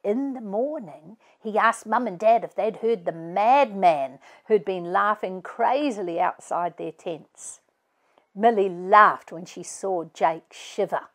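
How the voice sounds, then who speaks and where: A woman author reading a family chapter book aloud as an expressive storyteller. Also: mid-range voice, slow. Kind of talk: family read-aloud narration.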